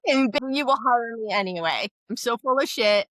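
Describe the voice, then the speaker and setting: A woman's voice: on the high side, lively intonation, moderate pace, a bit bright, no room sound. A middle-aged woman co-hosting a podcast, talking frankly and with a lot of swearing in casual chat. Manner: frank, profane, self-deprecating. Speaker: podcast co-host.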